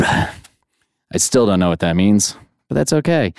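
A man's voice: lively intonation, slow, gravelly, clear, resonant tone, no echo. A man hosting a podcast interview, joking around and swinging his voice up and down for comic effect. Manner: playful and jokey, swinging pitch for comic effect. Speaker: podcast host. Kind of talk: casual podcast interview and outro. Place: studio at a music school.

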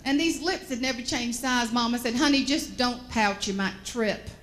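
Lady speaker spinning farm stories, high voice, animated and folksy. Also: moderate pace, slight background noise. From American South. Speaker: motivational speaker. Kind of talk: storytelling keynote speech.

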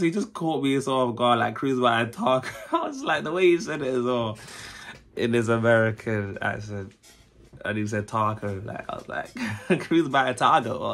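A British man hosting a reaction video, his pitch swinging widely as he talks. He laughs at himself and chats casually. His voice sits at a middling height. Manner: laughing, self-mocking, animated.

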